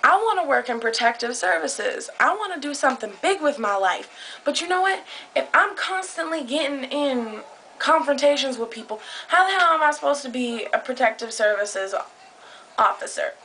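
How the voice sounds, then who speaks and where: A woman's voice: high voice, lively intonation, moderate pace, pushed and bright, a little hiss or hum, rough recording. A young woman telling a heated story into her camera, agitated and swearing a lot. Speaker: vlogger. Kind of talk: casual vlog storytelling. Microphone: camera close up.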